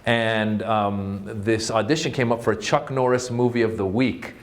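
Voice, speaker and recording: A man's voice: on the low side, steady tone, moderate pace, slight background noise. Chatty self-mocking male storyteller. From Northern California. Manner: chatty, self-mocking, full of fillers and restarts. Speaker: author and comedian giving a talk. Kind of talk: humorous storytelling talk.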